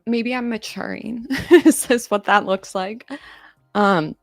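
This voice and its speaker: A woman's voice: a little high, fairly even intonation, slow pace, no echo, clean studio sound, faint music behind. A woman around thirty giving casual, offhand commentary on a live stream, mocking herself and laughing often.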